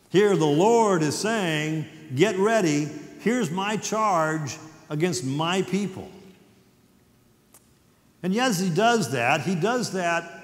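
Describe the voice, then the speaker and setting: Middle aged guy giving a chapel sermon, kinda high voice, lots of echo from a big hall. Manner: earnest and conversational, reading scripture with dramatic pauses. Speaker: university president speaking at chapel. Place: large hall. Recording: echoey hall, distant at times.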